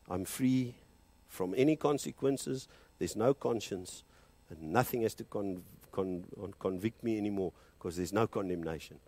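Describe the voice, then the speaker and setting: A South African man preaches a fervent sermon, his husky voice swinging from loud, high peaks down to quiet, low passages. He slips between English and Afrikaans as he preaches, his pitch lively throughout. The sound is close and dry, with no room echo. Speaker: pastor.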